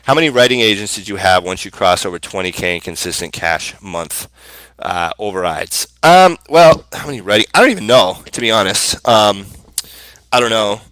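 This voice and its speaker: Guy coaching sales on a live stream, upbeat and loose, lots of ums and restarts, sharp bright voice. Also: lowish voice, moderate pace, no room sound, rough recording. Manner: energetic, informal, lots of fillers and restarts.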